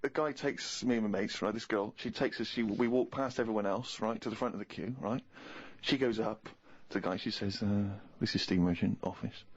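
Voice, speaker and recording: A man co-hosting a podcast, telling comic stories in an animated, rapid way. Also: on the low side, husky, muffled recording. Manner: animated, rapid anecdotal delivery. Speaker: co-host.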